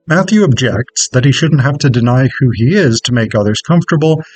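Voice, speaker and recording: A man's voice: medium pitch, a little mellow, no echo, low-quality recording. Man reading out an academic paper. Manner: measured, scripted delivery. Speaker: conference presenter.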